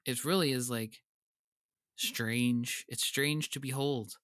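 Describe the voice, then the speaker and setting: A man co-hosting a podcast in casual chat, laughing often and tossing in quick wry asides. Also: medium pitch, fairly even intonation, a bit bright, no echo, clean studio sound. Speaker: podcast co-host.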